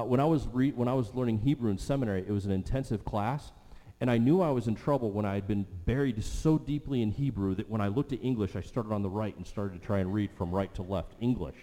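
A man's voice: on the low side, warm tone. A man preaching a sermon as pastor, emphatic and repeating phrases for stress. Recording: long hall reverb.

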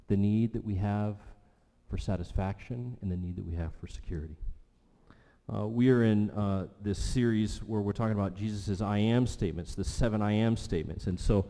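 Guy pastor giving a sermon, storyteller vibe, goes quiet and low to make a point, echoey church hall. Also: normal speed. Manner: storytelling preaching, drops voice low for emphasis. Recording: long hall reverb.

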